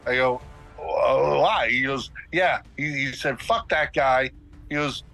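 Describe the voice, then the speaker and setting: A man's voice: mid-range voice, slow, vocal fry, soft background music, rough recording. A middle-aged man telling a long story as a podcast guest in a casual way, acting out the dialogue of the people in it. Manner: animated, acts out dialogue in quotes.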